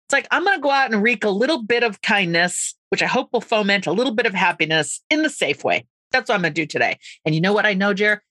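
A middle-aged woman from the United States, a guest author telling an animated, enthusiastic story in a conversational interview. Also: mid-range voice, no room sound. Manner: enthusiastic, storytelling, quick asides.

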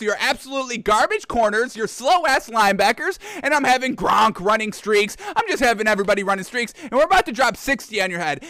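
A man's voice: high-pitched, bright, forceful tone, dry recording. A man mimicking a cocky trash-talking quarterback. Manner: boastful, profane, taunting.

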